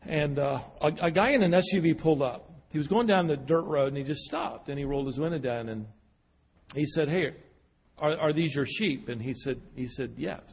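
A man's voice: on the high side, a little fast, darkish tone, husky. A man delivering a sermon, telling a story with frequent restarts and repeated words, then building to emphatic peaks. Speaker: preacher. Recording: hall reverb.

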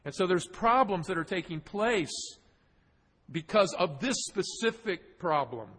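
A man's voice: high voice, animated, a little slow, a bit bright, breathy edge. A man preaching a verse-by-verse sermon, stressing points through repetition. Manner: expository preaching, emphatic repetition. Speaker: pastor. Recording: long hall reverb.

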